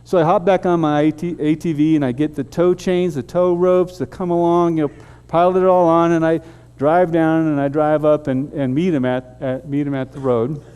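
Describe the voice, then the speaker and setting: A man preaching a storytelling sermon as a pastor, animated and halting with frequent restarts. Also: a little high, clear, resonant tone.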